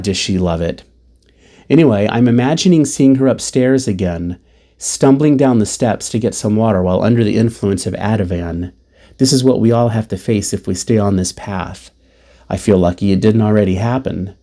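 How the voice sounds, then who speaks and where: A man reads diary entries aloud and breaks off for frank, wry asides. His voice is low and mellow. He talks bluntly and swears freely. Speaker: podcast host and caregiver.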